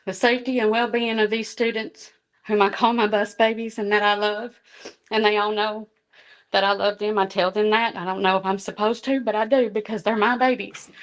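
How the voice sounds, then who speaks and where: A woman's voice: mid-range voice, flat delivery, moderate pace. A middle-aged woman, a school bus driver giving an earnest, emotional public comment from her notes. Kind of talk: public comment at a board meeting.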